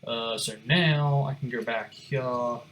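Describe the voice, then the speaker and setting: A man's voice: mid-range voice, steady tone, a little slow, a bit bright. A young man giving casual gameplay commentary, rambling, muttering to himself and swearing now and then. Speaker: gaming streamer.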